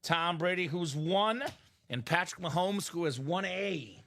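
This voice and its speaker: A young man hosting a live sports card break, hyping items and bantering with viewers in quick sales patter. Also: high voice. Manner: energetic, shouts and jokes with viewers.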